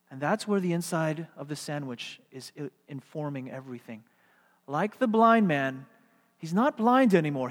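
Male preacher, slightly high voice, rhetorical and dynamic, long hall reverb. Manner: rhetorical questions, swings from emphatic to hushed. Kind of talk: sermon.

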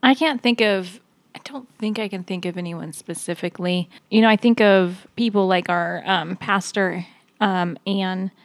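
A woman with a somewhat low voice, thinking aloud in a casual book discussion and often pausing on ums. Her sound is dry and close, with no room echo. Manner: thoughtful, hesitant, many ums. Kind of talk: casual group chat.

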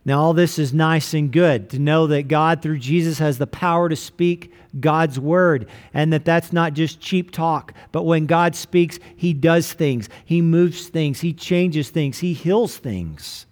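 A pastor delivering a sermon in a fairly high male voice. He preaches with emphasis, drawing out his most important lines. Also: measured pace, hardly any pauses.

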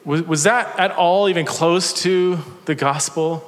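A man's voice: fairly high pitch, unhurried. A man preaching a sermon in a church, telling stories with energy and self-deprecating humor. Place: church sanctuary. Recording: long church hall reverb.

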